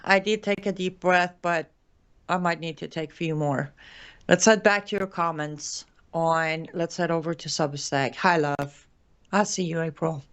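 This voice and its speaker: A woman's voice: deep voice, fairly even intonation, clean tone. An Iranian-accented woman hosts a live commentary show. She speaks with heated conviction and raw emotion, often tripping over her words and starting again as she reads viewer comments. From Iran. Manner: impassioned, emotional, rapid restarts. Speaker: show host.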